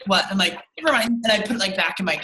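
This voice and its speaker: A young woman co-hosting a sales team call in casual motivational chat, animated, acting out little scenes and swearing lightly. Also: mid-range voice, racing, reverberant, very noisy.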